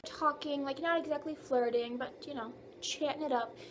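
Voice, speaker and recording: A woman's voice: sits high, fairly even intonation, moderate pace, a bit bright, a little hiss or hum. A young woman vlogger casually retelling a dream, rambling with lots of "like" and fillers. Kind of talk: casual storytelling.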